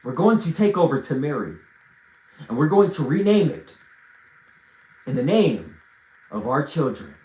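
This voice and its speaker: A man voicing a cold human gunman who makes a slow, gloating threat. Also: on the high side, very animated, a little mellow, reverberant, voice pushed down, low-quality recording. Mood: menacing.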